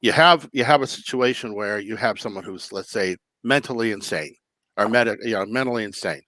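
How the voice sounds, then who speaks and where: A man's voice: lowish voice, pushed and bright, no room sound. A man co-hosting a podcast, laying out his view step by step. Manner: explaining step by step, measured. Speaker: podcast co-host. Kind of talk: casual chat.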